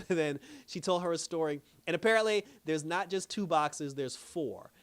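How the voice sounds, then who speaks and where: A man's voice: fairly high pitch, fairly quick. A man hosting a TV review channel, recapping an episode in a loose, slangy, chatty way and laughing often. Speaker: TV review host. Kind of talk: casual spoken recap.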